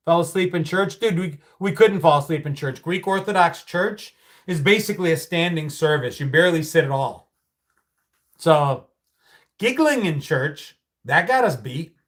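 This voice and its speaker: Middle-aged man, livestream host, relaxed storyteller, a touch high-voiced, swears freely. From United States. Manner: storytelling, reads out viewer comments, swears casually. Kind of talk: casual livestream chat.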